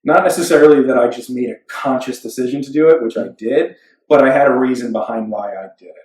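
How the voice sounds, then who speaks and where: A young man tells his story as an interview guest, loose and animated, with casual swearing. He sits a bit back from the mic in a roomy space that adds echo. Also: medium pitch, fast. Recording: roomy, somewhat distant mic.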